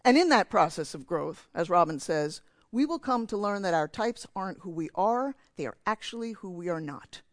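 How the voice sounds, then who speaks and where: A man's voice: sits high, lively intonation, moderate pace, few pauses, no room sound. A man from New Jersey giving a sermon in church, telling a candid, self-mocking story about himself. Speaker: preacher.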